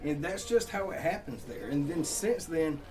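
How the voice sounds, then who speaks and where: A songwriter from Southeast Georgia with a Southern accent, telling rambling, laughing, profane stories in a casual chat. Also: male voice, fairly high pitch, expressive, normal speed, a little mellow. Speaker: songwriter guest.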